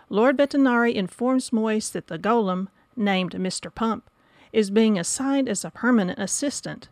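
A woman reads a scripted review in a steady, mid-pitched voice. The recording is dry and close. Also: no echo. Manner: even, read from script. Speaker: book reviewer.

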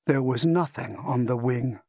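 Casting: male audiobook narrator, husky, unhurried, tense and dramatic. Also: mid-range voice, a little mellow, dry recording, studio quality. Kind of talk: dramatic story reading.

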